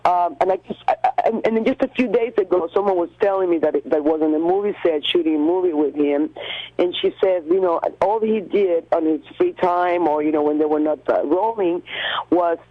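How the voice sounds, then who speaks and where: A woman from Cuba, a radio guest, recounting an encounter in an animated, halting way with many restarts and fillers. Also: fairly low pitch, no room sound, narrow, tinny audio. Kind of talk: phone-in storytelling.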